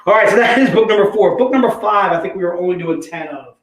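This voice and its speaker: Chatty high-voiced man in an echoey room. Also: fast talker. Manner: chatty, repeats prices and book numbers, says "bad boy" and "dude". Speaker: livestream sales host. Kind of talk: casual livestream sales pitch.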